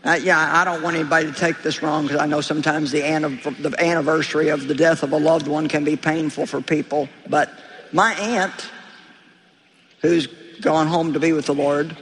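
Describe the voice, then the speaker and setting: A woman's voice: deep voice, steady tone, normal speed, slight background noise. A woman preacher delivering an emphatic, exhorting sermon, speaking straight to her congregation. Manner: emphatic, exhorting, direct address. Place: large hall with live congregation. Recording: live hall reverb with crowd.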